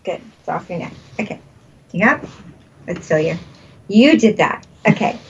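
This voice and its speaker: A woman's voice: on the low side, expressive, moderate pace, dull audio, a little hiss or hum. A woman leading a guided energy healing session, soothing and repeating breathing cues, laughing often. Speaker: energy healer.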